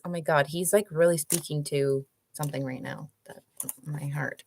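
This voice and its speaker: A woman with a fairly low voice hosts her own show, reading book passages slowly and deliberately, then drifting into loose, rambling chat full of "like." The sound is dry and close, with no room echo. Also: fairly even intonation, vocal fry, darkish tone. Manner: casual, rambling, many "like" fillers. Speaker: host. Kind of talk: reading aloud and casual chat.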